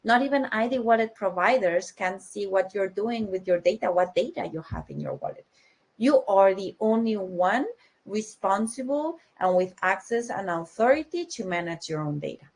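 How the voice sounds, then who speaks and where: Woman, young adult, has a cold; explanatory conference speaker, brisk with fillers and restarts. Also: medium pitch, sing-song. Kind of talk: technology talk.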